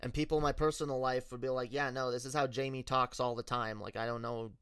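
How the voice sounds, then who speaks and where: Man, streamer, candid and profane, smooth clear voice, dry close sound. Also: mid-range voice, flat delivery, fast talker, fairly bright tone, no room sound. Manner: frank and profane, with frequent restarts. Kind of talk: casual personal storytelling on a livestream.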